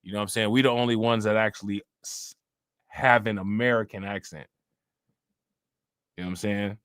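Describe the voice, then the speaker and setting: A man's voice: lowish voice, fairly even intonation, fairly quick, fairly bright tone, clean tone, no echo, clean studio sound. Laid-back, laughing man streaming live. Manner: loose and profane, laughs often, repeats himself. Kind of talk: casual live-stream commentary.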